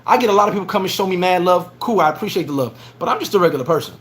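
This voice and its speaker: Racing along in a high voice, this vlog host spins animated stories on a casual livestream from a bar in the Dominican Republic, performing each line he quotes.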